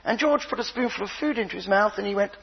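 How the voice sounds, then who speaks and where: An older man preaching a sermon, telling stories with playful voices and a husky tone. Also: sits high, quick pace, highs cut off, very noisy. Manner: animated storytelling with playful voices.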